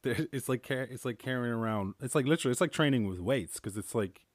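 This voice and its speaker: A man's voice: medium pitch, quick pace, no room sound, clean studio sound. An Irish man hosting a solo podcast, telling stories in a rambling, casual way full of filler words. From Ireland. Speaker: podcast host.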